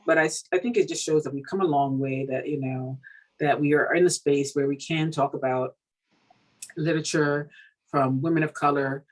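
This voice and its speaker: A woman from Cameroon, an author being interviewed, talking in a casual, animated way with many fillers and laughs. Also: low voice, moderate pace, low-quality recording. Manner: animated, laughing, full of fillers like "you know". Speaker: author guest.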